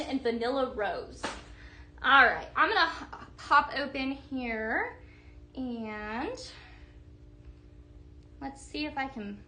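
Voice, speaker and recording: A woman's voice: high voice, bright, forceful tone, a little hiss or hum. A woman presenting home decor products on a live stream, gushing over each piece and chatting with her viewers.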